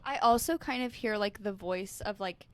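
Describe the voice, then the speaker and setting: A woman's voice: mid-range voice, moderate pace, dry recording. A young woman guest co-hosting a podcast in casual chat, upbeat and cheerful. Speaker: guest co-host.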